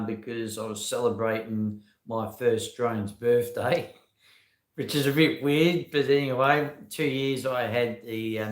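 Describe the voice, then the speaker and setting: A man's voice: medium pitch, fairly bright tone, reverberant. An Australian man hosting a casual live stream, rambling with many ums and uhs and greeting viewers by name as he talks into a phone.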